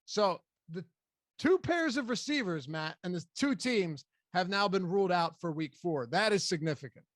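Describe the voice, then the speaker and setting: A man's voice: sits high, lively intonation, moderate pace, fairly bright tone, no room sound. A man hosting a fantasy football show, chatting loosely and restarting sentences as he goes. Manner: conversational, loose with frequent restarts. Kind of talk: casual sports analysis chat.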